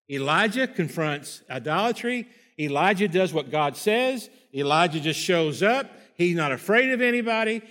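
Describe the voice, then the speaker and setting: A man's voice: sits high, fairly bright tone. A man preaching a sermon, reading scripture aloud and breaking in with folksy asides and rhetorical questions. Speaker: pastor.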